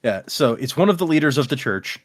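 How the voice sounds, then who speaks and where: A man's voice: mid-range voice, sing-song, a little fast. A man co-hosting a casual book chat, rambling through a recap of the chapters and acting out quotes. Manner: rambling storyteller, acts out quotes. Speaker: podcast co-host.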